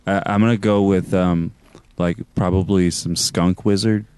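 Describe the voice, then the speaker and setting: Lower-voiced guy taking his time guessing, lots of ums, faint hiss behind. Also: fairly even intonation, a little mellow. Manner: hesitant, drawn-out guesses. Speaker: panelist. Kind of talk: comedic improv chat.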